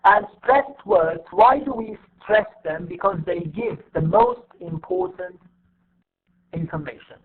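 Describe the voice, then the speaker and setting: High-voiced teacher on a tinny line. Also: male voice, animated, a little slow. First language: Arabic. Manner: repetitive, explains step by step with many fillers. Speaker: English teacher. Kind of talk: online class lecture.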